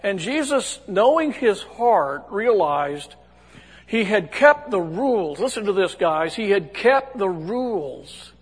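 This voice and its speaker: Preacher, male, high husky voice, folksy and chatty, church hall with a long echo. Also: big pitch swings, takes it slowly. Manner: folksy, conversational, many restarts. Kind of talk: sermon.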